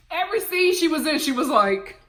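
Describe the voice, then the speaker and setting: A woman vlogger dishes on a reality show in a sassy, opinionated rant. Her voice sits fairly high and swoops widely between low asides and sharp peaks. The tone is bright and forceful. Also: normal speed, a little hiss or hum. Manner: sassy, animated, opinionated ranting with laughs. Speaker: TV recap vlogger. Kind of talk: casual reality-TV review.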